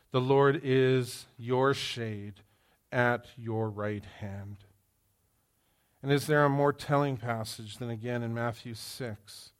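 A man preaching a sermon, moving from quiet reflection to loud, emphatic exhortation. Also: mid-range voice. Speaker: pastor.

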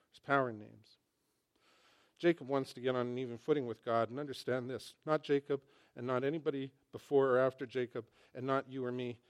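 Brief: a mid-pitched man preaching in a church, casual and storytelling. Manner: conversational, animated storytelling with humor. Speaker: pastor. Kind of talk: sermon.

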